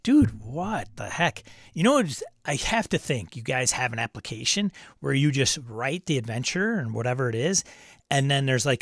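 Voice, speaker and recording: A man's voice: mid-range voice, fairly bright tone, no echo, clean studio sound. Chatty man hosting a live stream. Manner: chatty, rambling, reads chat aloud. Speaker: host. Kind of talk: casual live-stream chat.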